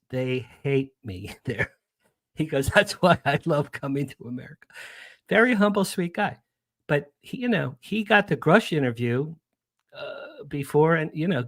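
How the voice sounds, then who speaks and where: A man's voice: medium pitch, gravelly, dry recording, clean studio sound. A man speaking as a guest on a radio show, chatty and enthusiastic, rambling with restarts. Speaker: guest, publicist. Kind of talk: casual radio interview chat.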